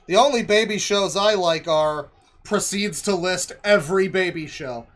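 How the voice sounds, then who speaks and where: A man's voice: high voice, moderate pace, a bit bright. A male streamer reacting to a video with sardonic, profane, mocking commentary.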